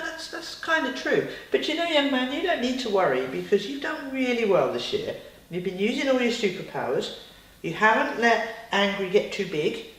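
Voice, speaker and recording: A woman telling a bedtime story to a child, with chatty, lively asides. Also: mid-range voice. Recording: roomy, distant.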